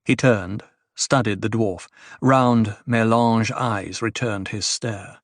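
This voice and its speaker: A man narrating an audiobook in a measured, grave manner. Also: fairly low pitch, steady tone, no room sound, clean studio sound. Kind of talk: scripted narration.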